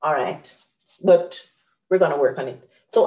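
A woman's voice: deep voice, unhurried, mellow, echoey room. A woman hosting an online grammar lesson, patiently explaining each example step by step. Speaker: host and teacher.

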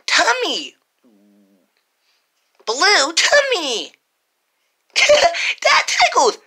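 A woman voicing a cheerful childlike toy tiger, with slow, bubbly, sing-song phrases for small children. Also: very high-pitched, huge pitch swings, gravelly, sharp tone, exaggerated voice.

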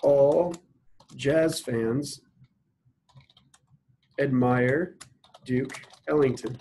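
A male instructor works through logic examples at an even pitch. He slows down to spell out each sentence and keeps asking his listeners to stop and think before he gives the answer. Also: rough recording. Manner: explains step by step, asks students to pause and think. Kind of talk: recorded logic lecture.

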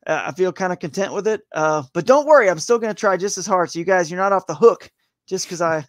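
A man's voice: high-pitched, quick pace, no echo. A man chatting as a guest on a live interview show, rambling and upbeat, saying "man" and "dude" a lot. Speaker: guest, tournament kayak angler.

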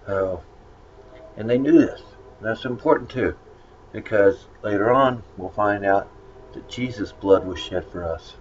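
A man's voice: on the low side, a little slow. A man giving a casual Bible lesson, rambling and conversational with many fillers. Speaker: Bible study teacher. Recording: dull lo-fi recording with faint noise.

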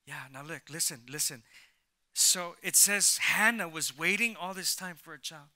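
A man preaching to a church congregation in a high, ringing voice with a very bright, forward tone. He prompts the crowd to repeat lines after him, often restarting his phrases and swinging from soft asides to loud calls. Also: moderate pace. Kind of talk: energetic sermon with call and response. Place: church service before a congregation.

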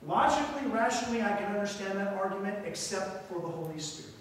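A man with a high voice preaching in a church sanctuary, switching between reading verses and commenting on them dramatically. He is miked from a distance, so his voice rings through a long, echoey hall over a faint room hum. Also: fast talker. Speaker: guest preacher. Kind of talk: sermon.

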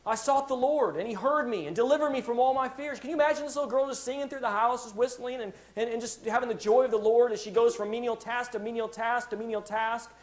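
High-voiced animated male preacher. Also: fast talker, few pauses. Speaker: pastor. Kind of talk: sermon. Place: church.

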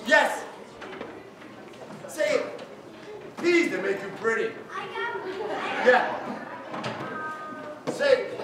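A man's voice: very high voice, lively intonation, very slow, long pauses, a crowd in the background, background noise. A man telling a folk tale to schoolchildren, coaxing answers from them and drawing words out for suspense. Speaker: storyteller. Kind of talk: interactive storytelling for children. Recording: echoey school hall from far off. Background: children's audience.

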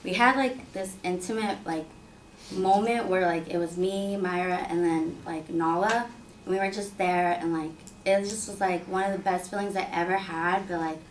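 A young woman telling a personal story in a casual, filler-heavy, animated way. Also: lowish voice, moderate pace, a little hiss or hum. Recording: roomy sound from a distant mic.

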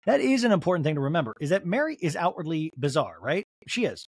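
A man's voice: a little high, big pitch swings, fast, few pauses, breathy edge. A man hosting a comedic recap podcast, telling the story in a sardonic, profane, rambling way close to the mic. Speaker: podcast host.

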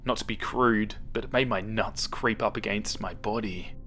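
A man narrating a creepypasta horror story in a slow, hushed manner that sometimes drops to a whisper. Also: fairly low pitch, noisy background.

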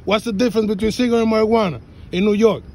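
Combative, gravelly, high-voiced man. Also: fairly even intonation, racing, darkish tone, a little hiss or hum. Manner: profane, combative, mixes Spanish and English. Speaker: car passenger filming a traffic stop. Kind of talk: heated argument. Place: inside a parked car at night.

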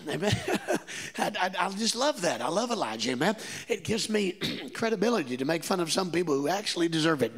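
Gravelly high-voiced joking preacher. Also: male voice, a bit bright. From Kentucky. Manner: folksy, joking, rising to emphatic. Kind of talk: Pentecostal-style sermon. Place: church sanctuary.

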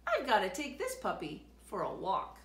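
A woman's voice: medium pitch, wildly swooping pitch, normal speed. Grumpy growling old vegetable man, as a woman puts him on. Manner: growling, gruff. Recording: roomy echo.

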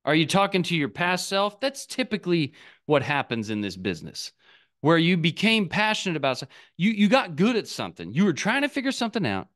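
A man's voice: on the high side, very animated, brisk, fairly bright tone. A man giving a candid, casual motivational talk as an online business coach, cursing freely and acting out his past self.

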